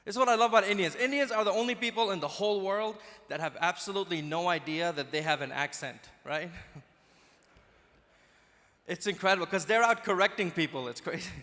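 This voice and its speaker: A man from Dubai doing a stand-up comedy set, talking quickly and slipping into put-on accents, recorded live in a large hall. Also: high-pitched, pushed and bright.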